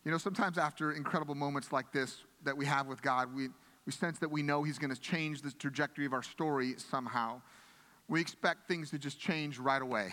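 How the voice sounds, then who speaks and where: A man's voice: medium pitch, a little fast, pushed and bright, big-room sound. A pastor preaching a sermon in an earnest, conversational way, often restarting his phrases.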